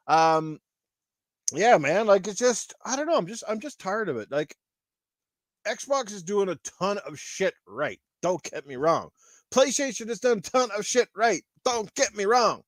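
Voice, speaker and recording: Male podcast host, angry profane rant, high pitch, dry close sound. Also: lively intonation, unhurried, no echo. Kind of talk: ranting gaming podcast.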